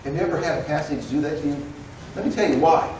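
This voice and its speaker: A man preaching a sermon in a conversational, storytelling way, acting out the voices in his story. His voice sits a little high and comes from some distance off the mic. The church around him rings with heavy echo and a faint hum of room noise. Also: fast talker. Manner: conversational, animated storytelling with quoted dialogue. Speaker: pastor. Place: church sanctuary. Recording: roomy echo, recorded from a distance.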